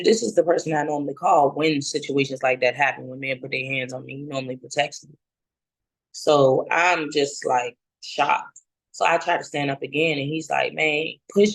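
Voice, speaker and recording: A woman's voice: low-pitched, normal speed, gravelly, no room sound, low-quality recording. A woman in her thirties giving candid personal testimony in casual talk. She speaks bluntly, swears freely, and acts out both sides of the scenes she describes. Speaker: guest sharing her story.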